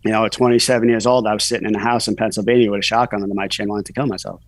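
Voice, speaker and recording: New guy in his 40s, kinda low voice, rambly candid storytelling, dry mic. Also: flat delivery, rapid-fire, no room sound, poor audio. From New York. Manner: candid, rambling with many "you know" fillers. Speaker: podcast guest, author. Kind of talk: casual storytelling interview.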